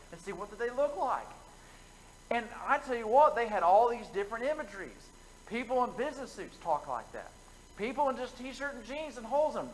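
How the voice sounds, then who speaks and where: High-pitched man preaching conversationally. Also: fairly bright tone, slight background noise, poor audio. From United States. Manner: conversational storytelling, folksy asides. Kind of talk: evening sermon. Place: church sanctuary.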